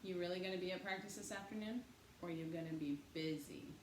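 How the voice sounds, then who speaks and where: A woman's voice: lowish voice, fairly quick, lightly acted. A woman voicing a pushy, nosy, chatty boy with a wheedling way of talking. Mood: needling. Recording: echoey room, faint hiss.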